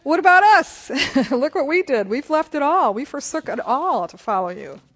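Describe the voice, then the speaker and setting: Woman playing a blunt apostle, exasperated, incredulous, high and jumpy. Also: big pitch swings, normal speed. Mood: protesting. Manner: incredulous, protesting. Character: exasperated blunt male apostle, grown man.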